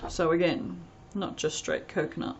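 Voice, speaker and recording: Woman, chatty unboxing host, lowish voice, dull home recording. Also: steady tone, moderate pace. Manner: chatty, rambling, reads product blurbs aloud. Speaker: soap maker reviewing fragrances. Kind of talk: casual unboxing chat.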